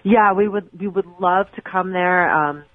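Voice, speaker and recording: A woman who used to wrestle professionally is a guest on a podcast, telling stories casually and animatedly with many restarts. Her fairly low voice is unhurried, and the dry recording comes through a tinny, phone-like remote line.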